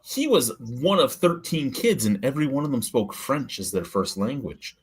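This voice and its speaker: Medium in pitch, slightly rough and sing-song, his voice moves at a moderate pace. The speaker is a middle-aged podcast host from the Ottawa Valley, Canada, laughing a lot as he tells blunt, profane stories during a relaxed live-stream chat.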